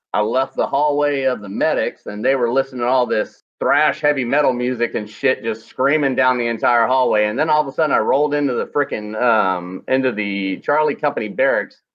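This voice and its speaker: A man's voice: medium pitch, muffled recording. A former combat medic telling crude army stories casually, acting out the people he quotes. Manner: crude, animated anecdote-telling with acted quotes. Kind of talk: casual storytelling.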